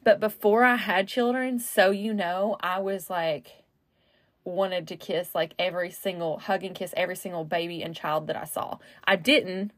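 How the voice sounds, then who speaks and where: A woman's voice: lowish voice, fairly even intonation, moderate pace, no echo. A woman hosting her own podcast, talking in a rambling, casual way full of fillers and self-corrections. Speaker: podcast host. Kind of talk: casual solo podcast monologue.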